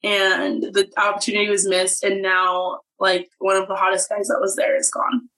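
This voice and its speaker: A young woman co-hosts a podcast, chatting casually and gigglingly about a reality show and saying "like" often. Her medium-pitched voice is flat in delivery, moderately paced, and pushed and bright, and the audio is poor.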